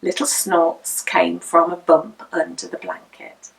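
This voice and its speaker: A woman reads a picture book aloud as a storyteller, her delivery expressive and sing-song. Her voice is on the low side with vocal fry, her pace is slow, and she sounds slightly distant from the mic.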